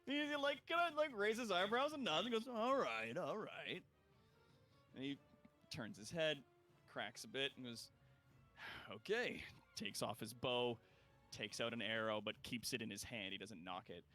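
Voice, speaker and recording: A man's voice: medium pitch, normal speed, sharp tone, faint music behind. A man running a tabletop game as game master, narrating casually and playfully, laughing often and using lots of fillers.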